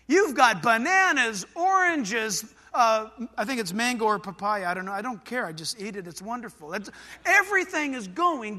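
A middle-aged man from Southern California preaching a sermon, animated and conversational, swinging between loud bursts and quiet asides. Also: extremely high pitch, long reverb tail. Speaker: pastor.

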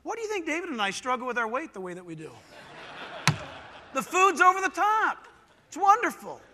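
A middle-aged man from Southern California preaching a sermon, animated and conversational, swinging between loud bursts and quiet asides. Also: very high voice, fairly quick, in a large hall, very noisy. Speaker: pastor.

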